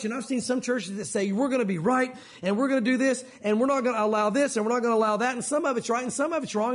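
A man's voice: very high-pitched, breathy edge. A male pastor preaching a sermon at a church service, earnest and emphatic, often asking his listeners rhetorical questions.

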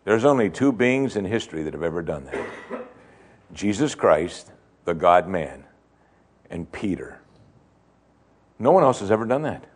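A man preaching a sermon, swinging between loud emphasis and hushed tones and repeating phrases for effect. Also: low voice, big pitch swings, measured pace, long pauses, husky. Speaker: pastor.

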